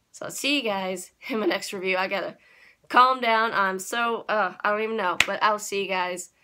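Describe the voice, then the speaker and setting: A young woman reviewing an anime episode in a casual, gushing way, with sudden excited jumps in pitch. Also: moderate pace, noisy background.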